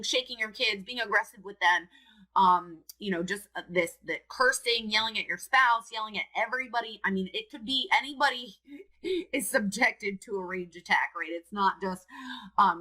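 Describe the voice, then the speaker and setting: A woman's voice: medium pitch, sharp tone, poor audio. A woman, a support coach, talking earnestly and candidly to camera about her own experience. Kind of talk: direct-to-camera personal talk.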